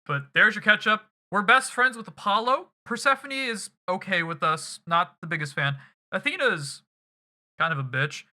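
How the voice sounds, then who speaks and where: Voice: medium pitch, animated, moderate pace, bright, forceful tone. A streamer recapping a game to chat in a loose, rambling, casual way with some swearing.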